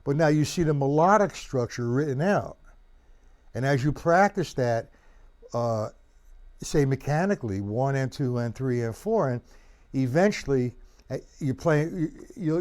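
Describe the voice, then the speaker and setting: A mid-range male voice leads a drum lesson over a live stream, shouting the strokes and counts. Between them, he talks casually with his student.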